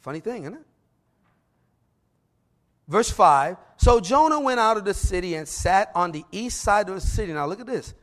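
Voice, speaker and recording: A middle-aged man preaching a sermon, who reads scripture slowly and then tells personal stories with energy. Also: high-pitched, animated, fairly bright tone.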